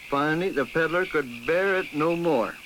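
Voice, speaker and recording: A man reading a ghost story aloud in a measured way, slowing down for suspense. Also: a little high, heavy background noise. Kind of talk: scripted ghost story narration. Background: instrumental music.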